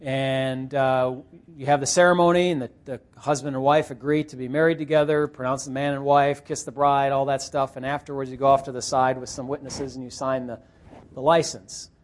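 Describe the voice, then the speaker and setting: A man's voice: medium pitch, little pitch movement, brisk. Guy preaching a sunday sermon, talks like a friendly chat, keeps asking the crowd questions. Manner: conversational preaching with rhetorical questions and soft laughs. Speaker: pastor.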